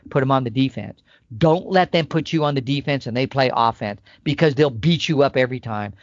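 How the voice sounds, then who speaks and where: A man explaining elk calling tactics in casual podcast talk, emphatic and animated, sometimes acting out the calls. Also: mid-range voice, no room sound, highs cut off. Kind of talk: instructional podcast chat.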